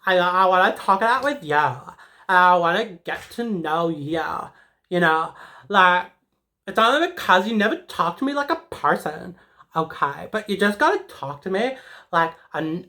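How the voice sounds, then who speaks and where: A woman's voice: fairly low pitch, lively intonation, measured pace, sharp tone, exaggerated voice. A woman playing a sassy rambling teen schoolgirl. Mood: reflective. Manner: rambling, peppered with "like", emotional. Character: sassy, dramatic teenage schoolgirl. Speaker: comedic character. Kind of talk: comedic character monologue.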